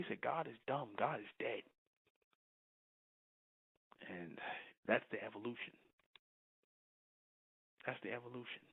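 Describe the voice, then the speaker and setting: A man preaching to followers, repeating his points and often asking whether listeners understand. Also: mid-range voice. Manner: repetitive, keeps asking "you understand?". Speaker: spiritual teacher. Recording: thin phone-like lo-fi audio.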